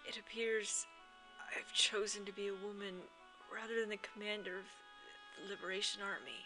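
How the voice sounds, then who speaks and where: A woman voicing a dying young woman rebel leader from a video game, speaking softly with half-whispered lines while reading the dialogue aloud. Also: mid-range voice, steady tone, normal speed, close to an everyday voice, rough recording. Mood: sorrowful. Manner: soft, faltering, often half-whispered. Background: game music.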